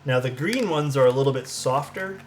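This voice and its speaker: A man's voice: medium pitch, a little fast, a little hiss or hum. A man streaming as he assembles a keyboard, talking casually, thinking aloud and answering chat, sometimes drifting away from the mic. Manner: drifts off-mic while searching for parts.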